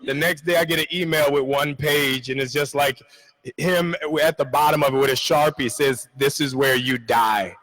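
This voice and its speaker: A middle-aged man telling lively, laughing stories as a guest on a convention panel in a large arena. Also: fairly high pitch, moderate pace, poor audio. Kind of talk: animated convention panel storytelling.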